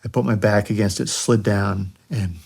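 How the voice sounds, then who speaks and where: A middle-aged American veteran pilot speaks as a podcast guest, his voice sitting a little low. He tells hard war stories candidly and conversationally, slipping into the voices of the people he quotes. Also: fairly even intonation, normal speed, gravelly, darkish tone, slightly rough. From United States. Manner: conversational, acts out quoted voices, frequent "you know". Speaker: guest, retired army helicopter pilot. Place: podcast studio.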